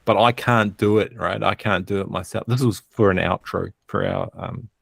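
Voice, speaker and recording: Gravelly New Zealand man. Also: sits low, steady tone, moderate pace, fairly bright tone, no echo. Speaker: live stream co-host. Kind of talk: casual live stream chat.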